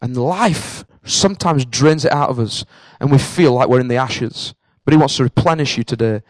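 A man's voice: mid-range voice, normal speed, dry recording, poor audio. A man preaching a sermon in an earnest voice that rises to fervent passion.

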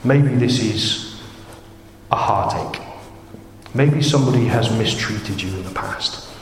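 A man in his thirties preaching a sermon, chatty and jokey, with sudden excited rises. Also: on the low side, slow, a little hiss or hum. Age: 30s. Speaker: pastor. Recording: echoey hall, faint room ambience.

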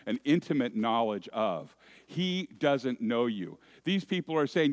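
A man preaching a sermon, deliberate, lifting key phrases with emphasis and dropping into quiet asides. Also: mid-range voice, big pitch swings. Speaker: pastor.

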